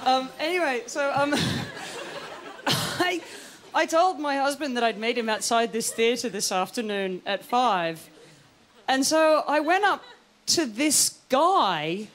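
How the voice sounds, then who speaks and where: Giggly high-voiced woman doing stand-up. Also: expressive, slow. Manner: giggly, laughs through her lines, self-mocking. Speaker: stand-up comedian. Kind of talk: stand-up set. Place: TV studio stage with audience. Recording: loud live audience laughter and noise.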